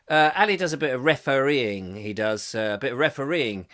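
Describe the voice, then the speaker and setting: A man's voice: on the high side, big pitch swings, brisk. A middle-aged man hosting a comic live chat show, rambling and joking while reading viewer comments. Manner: rambling, chatty, jokey, often laughing. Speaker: host.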